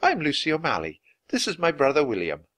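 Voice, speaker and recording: A man's voice: on the high side, huge pitch swings, a little fast, fairly bright tone, pitched above the performer's own voice. A man reading aloud voices a polite, anxious girl of about twelve. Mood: worried.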